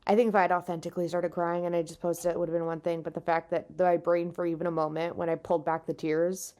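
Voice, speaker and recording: An exhausted woman hosts a casual solo podcast from bed, venting frankly and swearing a lot, with a makeshift mic instead of a proper podcast one. She's a stand-up comedian who pokes fun at herself, speaking fast in a fairly low, level, slightly mellow voice.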